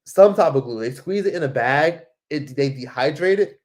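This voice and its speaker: A man's voice: fairly high pitch, animated, moderate pace. A man casually telling a travel story to camera, rambling, swearing freely and leaning on filler words. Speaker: vlogger.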